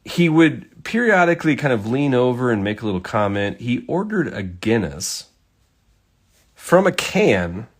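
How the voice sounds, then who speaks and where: A man's voice: medium pitch, sing-song, a little slow. A man telling a rambling, casual story while painting, swearing freely and using lots of fillers.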